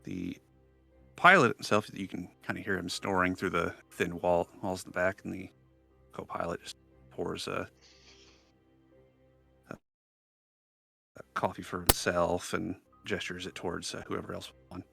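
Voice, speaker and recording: A man's voice: low voice, little pitch movement, measured pace, creaky, long pauses, pushed and bright, husky, soft background music. A man acting as game master, narrating a tabletop game scene with frequent fillers and restarts.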